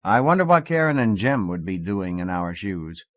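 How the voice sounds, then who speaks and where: A man doing a restless young man who jokes through his nerves, in a fairly low, plain voice. The cassette recording is dull, lo-fi and dry. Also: sing-song, moderate pace, dry recording. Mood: joking. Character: young man, restless, joking, puts on silly accents.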